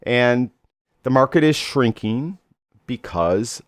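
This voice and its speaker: A man hosting his own podcast, talking in a relaxed, conversational way with fillers and self-corrections. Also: medium pitch, slow pace, no room sound, studio quality. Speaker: podcast host. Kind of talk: casual solo podcast talk.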